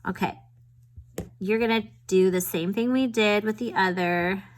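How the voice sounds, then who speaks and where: A woman's voice: mid-range voice, measured pace, rough recording. A woman chatting and rambling through a papercraft tutorial at home, joking at her own expense as she works. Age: adult with a school-age daughter. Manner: chatty, rambling, self-deprecating. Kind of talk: casual crafting demonstration.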